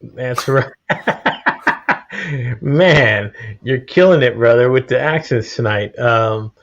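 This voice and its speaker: A man's voice: mid-range voice, a bit bright. Rambling man hosting a podcast. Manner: rambling, halting with fillers. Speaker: podcast host. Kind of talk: casual interview chat. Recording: dull lo-fi stream audio.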